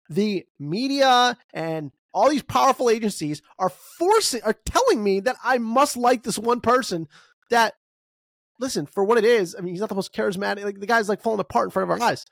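A podcast host ranting through an opinionated solo monologue, voice leaping up and down in pitch and racing ahead in quick bursts. The delivery is emphatic and full of rhetorical questions. The recording is close and dry, with no room sound. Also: vocal fry, no room sound. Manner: wide pitch swings, bursts of speed.

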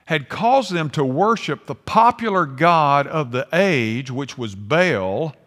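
An older man preaching a sermon, swinging between hushed and emphatic delivery. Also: fairly high pitch, lively intonation, takes it slowly. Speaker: pastor. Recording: long hall reverb.

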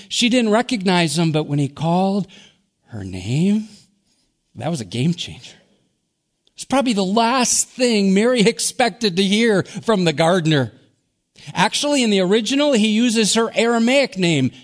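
Guy from wisconsin preaching, high-ish voice, slow and earnest, goes all hushed and whispery sometimes. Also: very animated. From Wisconsin, USA. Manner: slow, earnest preaching that drops to near-whispers on key words. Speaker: pastor. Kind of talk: sermon.

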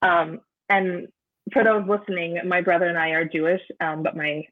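A woman, an interview guest, recounting a personal experience in a halting way, often restarting as she searches for words. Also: fairly low pitch, steady tone. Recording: narrow phone-like sound.

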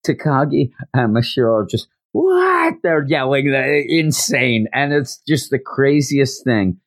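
A man recapping an anime in a casual, animated storytelling way, with frequent stammers and restarts. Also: mid-range voice, unhurried, no room sound.

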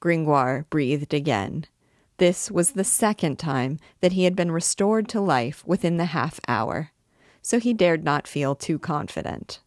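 A woman narrates a classic novel in a measured audiobook reading. Her voice is low and her pace is slow and deliberate. The recording is close and dry, with no room sound. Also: dry recording. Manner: measured, even storytelling.

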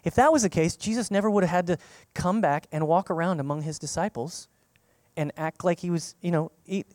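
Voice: medium pitch, darkish tone, no room sound, studio quality. A preacher giving a sermon in an emphatic, conversational way, repeating key phrases for stress and asking the listeners questions.

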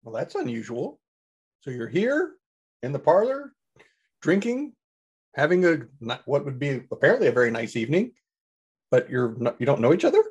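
A man's voice: mid-range voice, very animated, normal speed, long pauses, darkish tone, slightly rough, lo-fi sound. A man playing in a tabletop game, chatty and inquisitive as he speaks in character. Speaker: player.

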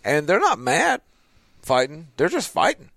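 A man's voice: a little high, wildly swooping pitch, a little slow, vocal fry, a bit bright, no echo. A man, hosting a show and telling a family story casually, acting out the voices in his quotes. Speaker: podcast host.

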